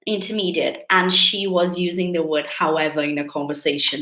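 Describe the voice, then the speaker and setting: A woman's voice: low voice, flat delivery, fairly quick, few pauses, pushed and bright, reverberant, poor audio. A woman with a Brazilian accent teaching English in a live online lesson, chatty with her viewers and stretching out key words. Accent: Brazilian Portuguese.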